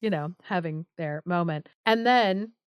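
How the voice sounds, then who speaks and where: A woman's voice: on the low side, measured pace, smooth, dry recording. A young woman co-hosting a podcast, casually retelling a fairy tale in a chatty way with many filler words. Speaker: podcast co-host. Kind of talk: casual storytelling chat.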